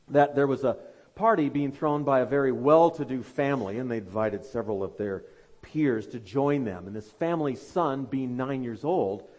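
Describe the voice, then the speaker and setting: A man preaching a sermon as pastor, fervently urging his listeners, then dropping to quiet, low asides.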